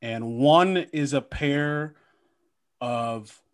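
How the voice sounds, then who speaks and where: A man's voice: medium pitch, drawn-out words, smooth. A man co-hosting a podcast, riffing casually with profanity and acted-out dialogue. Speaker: podcast co-host. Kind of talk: casual comedic podcast chat.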